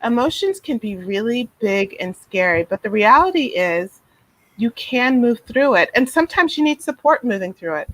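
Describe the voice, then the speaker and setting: A woman with a fairly high voice talks gently and reflectively as a guest therapist. She is on a video call with a dry, close sound, and she often restarts her sentences around soft fillers. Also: very animated, moderate pace, no room sound, rough recording. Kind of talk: casual interview talk.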